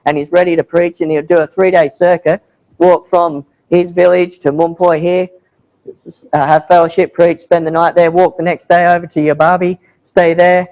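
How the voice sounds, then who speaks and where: A man's voice: on the high side, a little mellow, rough recording. A man, speaking as a missionary at a church, telling stories casually with quoted voices. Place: church hall.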